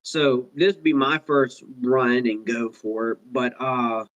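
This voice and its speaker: A man's voice: mid-range voice, slow pace, lo-fi sound. A man co-hosting a casual talk show, playful and openly emotional, speaking straight to the listeners. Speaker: podcast co-host. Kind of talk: casual chat.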